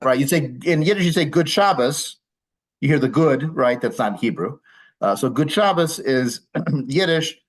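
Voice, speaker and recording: A man's voice: mid-range voice, lively intonation, moderate pace, poor audio. A male rabbi giving an informal class to a live audience, explaining patiently with dry humor and many small fillers. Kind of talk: informal lecture with audience questions.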